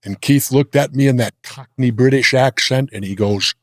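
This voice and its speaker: An older American man telling blunt, gruff stories in a sit-down interview. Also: medium pitch, moderate pace, no room sound, studio quality. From United States. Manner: gruff, blunt anecdotal storytelling. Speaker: interview guest. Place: indoor interview set.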